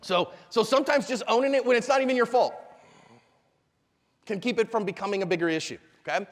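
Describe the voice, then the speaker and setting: High-voiced man teaching in an echoey hall. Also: fast. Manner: animated storyteller, acts out quotes. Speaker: self-defense instructor. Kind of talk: live seminar talk. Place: convention hall.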